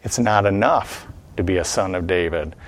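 A man preaching a Bible teaching sermon, emphatic, asking his listeners questions and slowing down, dropping low on key phrases. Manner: addresses listeners with questions and a quiz.

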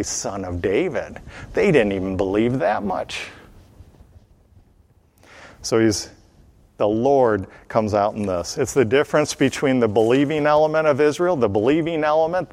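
A man teaching from scripture in a sermon, with a mid-pitched voice. He is emphatic and quizzes his listeners. He slows down and drops low when he hits his main points. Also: darkish tone. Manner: addresses listeners with questions and a quiz.

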